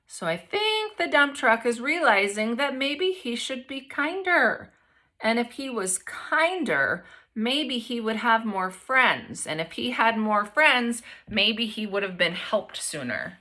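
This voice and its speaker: A young adult woman teacher reading a picture book aloud to children, gentle and encouraging, often pausing to ask them questions. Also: fairly high pitch, very animated.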